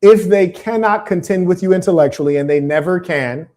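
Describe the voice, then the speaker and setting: A man's voice: sits high, fairly quick, darkish tone. A man hosting a livestream, delivering a preachy, combative monologue and reading out viewer comments, with emphatic repetition. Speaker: live stream host.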